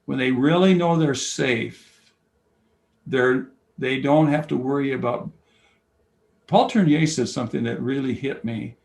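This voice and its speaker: An older man, a basketball coach and camp founder, talking as an interview guest, telling stories and acting out quoted dialogue, from loud to whispering. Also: medium pitch, unhurried, gravelly, poor audio. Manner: animated storyteller, acts out quoted dialogue, swings from loud to whispering. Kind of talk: conversational interview, storytelling.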